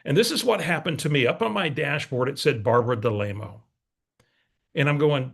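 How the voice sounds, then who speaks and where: A man's voice: a little high, a little fast, gravelly. A man, coaching real estate agents through a folksy, story-driven motivational talk. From San Antonio, Texas. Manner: storytelling, folksy, direct to audience.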